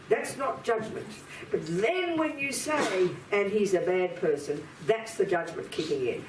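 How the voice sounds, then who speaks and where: A woman giving a Buddhist dharma teaching in an emphatic, animated way, acting out inner voices as she explains. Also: medium pitch, a little hiss or hum. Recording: echoey room, speaker far from mic, faint ambience.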